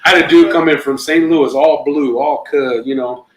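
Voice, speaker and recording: A man's voice: on the high side, normal speed. Middle-aged comic guy telling a story, swears a lot, kinda roomy echo, little hiss. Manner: loose, profane, animated storytelling. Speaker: comedian guest. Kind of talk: casual storytelling on a podcast.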